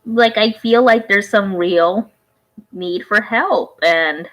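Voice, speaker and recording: A woman's voice: medium pitch, slow pace, fairly bright tone, poor audio. A woman vlogger giving casual reaction commentary, rambling and conversational, often trailing off and restarting her thoughts.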